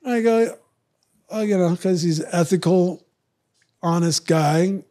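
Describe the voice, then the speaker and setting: On a podcast, a middle-aged guest swaps profane stories in casual conversation. His voice is high and warm, and he stretches out his slang, raising his voice to act out what other people said.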